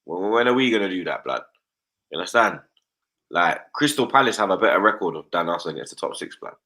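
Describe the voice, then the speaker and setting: Bright-voiced ranting man. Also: low voice, a little fast. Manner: animated slangy rant, repeats "blood" and "you understand". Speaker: football fan pundit. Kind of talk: live-stream football rant.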